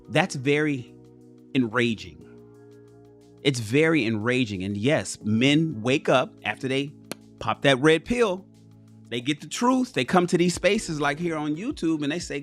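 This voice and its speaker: A man's voice: fairly high pitch, expressive, measured pace, faint music behind. A man hosting a livestream, giving casual commentary, swearing freely and talking straight to his chat. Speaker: livestream host.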